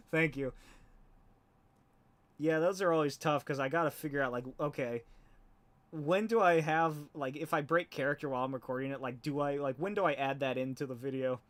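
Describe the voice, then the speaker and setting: A man's voice: fairly high pitch, steady tone, a little fast, a bit bright. Rambling man chatting while he inks. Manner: rambling, laughs often, swears casually. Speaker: comic artist and YouTuber. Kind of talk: casual live-stream chat while inking.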